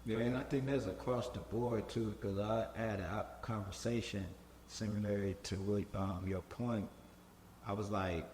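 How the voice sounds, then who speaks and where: A man with a very low voice hosts a relaxed interview and mostly offers brief agreement. The room is roomy, with a long reverb behind him. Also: unhurried, slight background noise. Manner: short affirming replies. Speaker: podcast host. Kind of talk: casual interview chat.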